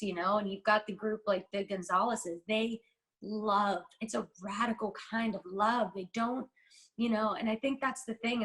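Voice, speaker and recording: A woman's voice: medium pitch, fairly bright tone, rough recording. A woman from the United States, a podcast guest, talking candidly in an interview with a heartfelt, rambling and emphatic manner.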